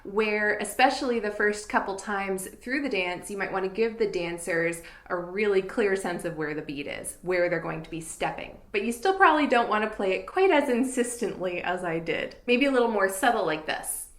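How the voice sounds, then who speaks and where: A woman's voice: medium pitch, animated, moderate pace, hardly any pauses. Woman fiddle teacher in an echoey room. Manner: clear, patient explaining, counting beats aloud. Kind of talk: instructional tutorial.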